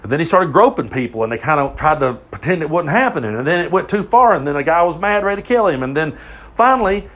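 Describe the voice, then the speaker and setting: A man's voice: on the high side, animated, fast, fairly bright tone. A man in his forties with a Southern US accent, hosting a podcast and mixing a political rant with rambling, profane stories. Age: 40s. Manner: profane, emphatic, rambling with restarts. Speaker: podcast host.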